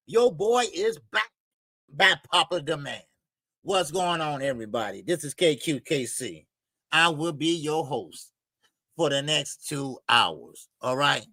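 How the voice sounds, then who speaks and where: A man's voice: a little high, animated, takes it slowly, dry recording. A man hosting a casual boxing livestream, laid-back and chatty, greeting viewers by name and laughing often. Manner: loose, shout-outs to chat, laughs often.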